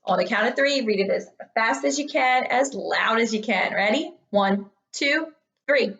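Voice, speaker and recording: A woman's voice: on the high side, lively intonation, a little slow, creaky, a bit bright, dull audio. A young woman teaching third graders in an upbeat, encouraging recorded online lesson. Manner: upbeat, encouraging, talks to children.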